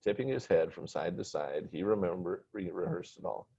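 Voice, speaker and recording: A man reading a story aloud in plain, steady narration. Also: low voice, normal speed, creaky, breathy edge. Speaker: story reader. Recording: dull lo-fi recording.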